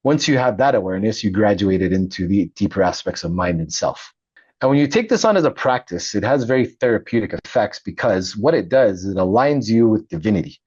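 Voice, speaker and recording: A middle-aged man, a veteran, telling his story in a casual interview, animated and laughing often. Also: on the low side, slightly rough, no room sound, dull audio. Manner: animated, laughs often, acts out quoted voices. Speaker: podcast guest, Navy veteran and author.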